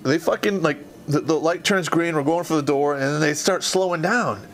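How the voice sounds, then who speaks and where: A man hosting a podcast, telling a profane, animated story about his Army days and laughing through it. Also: a little high, normal speed, a little hiss or hum. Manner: animated storyteller, heavy swearing, laughs mid-sentence. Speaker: podcast host and Army veteran. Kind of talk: profane comedic war story.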